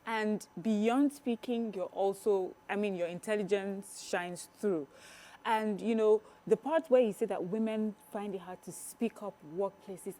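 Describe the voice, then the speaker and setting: A woman with a Nigerian accent, co-hosting an interview and asking measured, encouraging questions. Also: medium pitch, dark tone. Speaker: co-host.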